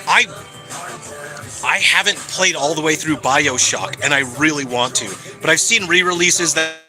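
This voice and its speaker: A man's voice: fairly high pitch, moderate pace, over music, poor audio. A man chatting casually and cheerfully on a live stream, answering his viewers as he goes. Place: hangout spot in California.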